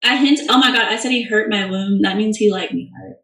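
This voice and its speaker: Young woman rambling thru fan questions, gravelly voice, sounds off-mic in an echoey room. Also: mid-range voice, fairly quick, a bit bright, recorded from a distance. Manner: chatty, rambling, many fillers. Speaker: livestreamer answering fan questions. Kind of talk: casual livestream chat.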